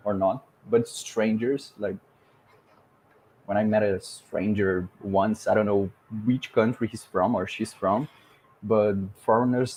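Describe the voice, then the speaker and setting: A man from Brazil with a Brazilian Portuguese accent, speaking English as a second language in a relaxed podcast chat, pausing often to look for words. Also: lowish voice, a little hiss or hum, poor audio. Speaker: podcast host. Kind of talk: casual conversation in English.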